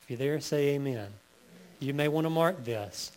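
A male pastor preaching a sermon, reading scripture slowly and building to emphatic peaks. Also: fairly high pitch, darkish tone.

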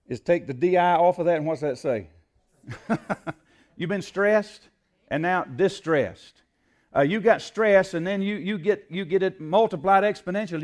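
A man preaching a sermon, emphatic and rising to loud peaks when quoting scripture, often asking the congregation to call out the next word. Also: on the high side. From United States. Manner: asks the congregation to fill in words.

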